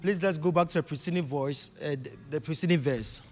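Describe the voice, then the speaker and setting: A man's voice: a little high, a little fast. A man preaching a sermon with emphatic, repetitive phrasing that swells into bursts. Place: church hall. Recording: reverberant hall with faint music.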